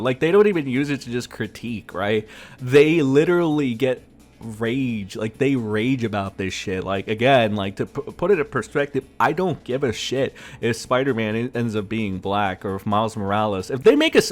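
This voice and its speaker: A man giving a profane, sarcastic rant as a gaming commentator. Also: mid-range voice. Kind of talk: ranting commentary vlog.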